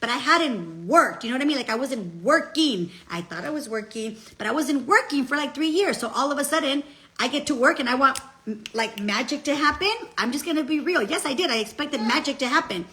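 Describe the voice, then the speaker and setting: A woman's voice: sits high, lively intonation, a little fast, bright, forceful tone. A middle-aged woman giving a chatty, emphatic motivational talk, dropping Spanish phrases and asking "okay?" between points. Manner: chatty, emphatic, peppers speech with "okay?" and "guess what"; switches into Spanish phrases mid-sentence. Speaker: motivational speaker.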